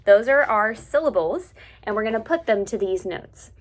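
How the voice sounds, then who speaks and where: A woman music teacher patiently explaining to students step by step, slowly singing out syllables and solfege notes as examples. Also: a little high, lively intonation. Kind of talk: instructional lesson to students.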